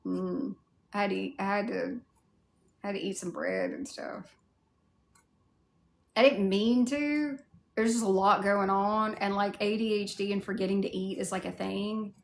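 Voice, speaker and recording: This Southern US woman, a cosplay streamer, chats casually on a livestream and rambles through her answers to viewer comments, filling them with "like." Her medium-pitched voice runs a little slow, with vocal fry and frequent pauses, and the sound is roomy.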